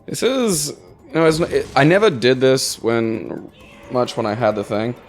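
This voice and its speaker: A man's voice: medium pitch, big pitch swings, a little slow, soft background music. A man chatting casually over gameplay, rambling with lots of filler words and swearing freely. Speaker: co-host.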